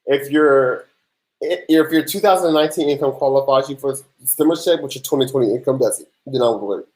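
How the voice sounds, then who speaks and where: A man's voice: mid-range voice, fairly quick, a little mellow. A young man, hosting a casual tax Q&A livestream, laid-back and sleepy, chatting with viewers between answers. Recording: echoey room.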